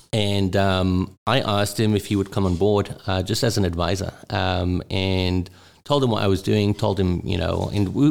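A man's voice: lowish voice, gravelly, clean tone. A middle-aged man from England, a guest investor answering interview questions in a rambling way with many fillers. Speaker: guest venture capital partner.

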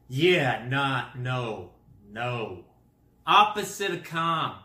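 A man's voice: mid-range voice, sing-song, drawn-out words, pushed and bright, roomy sound. A man telling a rambling comic story to camera, with goofy exaggeration and made-up words. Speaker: vlogger.

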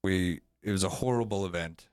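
Deep-voiced opinionated man. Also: a little fast, a little mellow, clean tone, dry recording, studio quality. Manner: opinionated, rambling. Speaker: podcast host. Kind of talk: casual chat.

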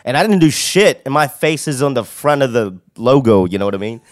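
A man co-hosting a podcast in casual chat, excitable and quick to swear, calling in remotely. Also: mid-range voice. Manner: excitable, swears casually, quotes his own panic. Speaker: podcast co-host. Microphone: remote call.

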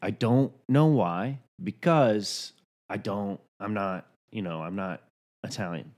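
Deep-voiced man, thoughtful and reflective. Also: slow pace, a little mellow. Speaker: actor. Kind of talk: casual conversation.

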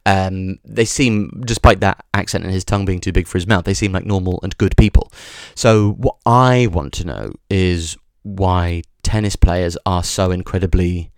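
A man's voice: deep voice, unhurried, hardly any pauses, clean tone, dry recording, clean studio sound. A man hosting a podcast, talking in a rambling comic monologue, full of restarts and swearing. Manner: digressive, sweary, stumbling restarts. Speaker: podcast host.

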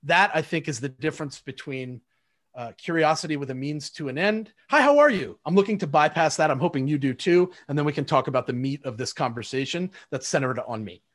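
Animated man in casual chat. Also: fairly high pitch, fairly quick. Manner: animated, acts out quoted exchanges. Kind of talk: casual conversation.

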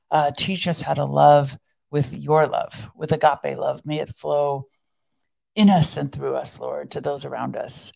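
A woman's voice: low voice, gravelly, a little mellow, low-quality recording. A woman co-hosting a faith podcast, chatting casually and praying aloud in a fervent, earnest way. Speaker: podcast co-host. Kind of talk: casual chat and spoken prayer.

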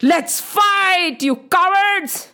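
A proud warrior goddess, put on by a woman storyteller, bold and scornful. She gives orders in a high, slow voice. Storybook telling. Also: bright, forceful tone, exaggerated voice. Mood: battle cry. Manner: commanding, taunting.

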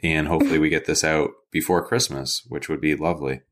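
Deep-voiced joking young man. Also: fairly even intonation, fast talker, a bit bright. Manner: joking, self-deprecating, acts out voices. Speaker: podcast co-host. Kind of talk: casual chat.

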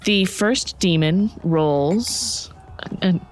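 A game master running a tabletop game, relaxed and amused while narrating. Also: mid-range voice, drawn-out words.

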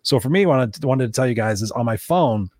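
A man's voice: medium pitch, expressive, a little fast, darkish tone, dry recording, studio quality. A man co-hosting a podcast, chatting casually, telling rambling personal stories with a bit of swearing. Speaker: podcast co-host and coach.

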